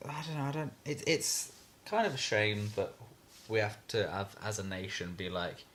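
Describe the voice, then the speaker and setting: Bright-voiced young man, low and halting. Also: expressive. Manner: rambling storyteller, halting with many restarts. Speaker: podcast co-host. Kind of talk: casual chat.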